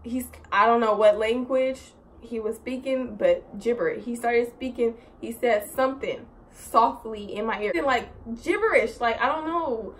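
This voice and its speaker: A woman's voice: fairly high pitch, measured pace, hardly any pauses. A young woman vlogging a story in a casual, rambling way, filling her talk with "like" and "so" and swearing in exasperation. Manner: rambling, animated, heavy use of "like" and "so".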